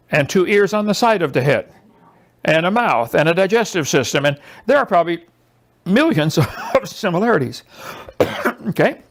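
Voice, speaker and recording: High, lively sarcastic male lecturer. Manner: sarcastic, mocking; animated, emphatic delivery. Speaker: presenter. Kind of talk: lecture to a small audience.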